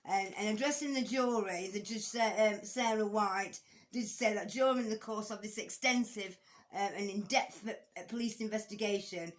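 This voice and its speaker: A woman's voice: medium pitch, normal speed. Hesitant woman recapping a court case. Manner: hesitant, many ums and restarts, casual swearing; blunt, conversational. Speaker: true-crime commentator. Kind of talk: casual spoken commentary.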